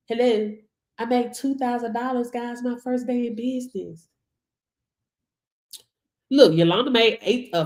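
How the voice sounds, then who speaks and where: A woman's voice: on the high side, echoey room. A woman in giving a sassy, preachy motivational talk to her livestream viewers, calling them baby. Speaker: livestream business mentor.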